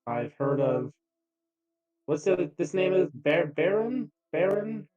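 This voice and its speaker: A man playing a tabletop game in character, with a wry, deadpan manner. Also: sits high, takes it slowly. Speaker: player. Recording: dull lo-fi mic, faint music.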